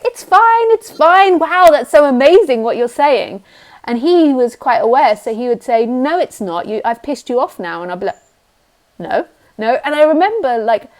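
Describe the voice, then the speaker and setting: Woman, spiritual teacher, casual video call chat, fairly high voice, laughs often, swears freely. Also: darkish tone. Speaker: spiritual teacher, host of live broadcast. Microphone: computer mic on a video call.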